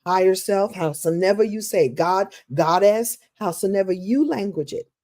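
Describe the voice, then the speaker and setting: Mellow-voiced animated woman motivational host. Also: mid-range voice, a little slow. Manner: animated, playful, breaks into exclamations and acted quotes; conversational, with restarts and laughs. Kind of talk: live-streamed motivational talk.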